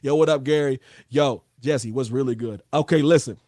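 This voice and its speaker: A man's voice: mid-range voice, normal speed, a little mellow, no echo, studio quality. A man hosting a podcast, joking in casual banter and often cutting in over others. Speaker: podcast host.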